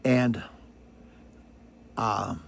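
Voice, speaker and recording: An older man runs a vinyl record channel and talks casually to the camera, rambling, self-deprecating, and full of digressions and fillers. His voice is on the low side and creaky, and he speaks extremely slowly. There's slight background noise.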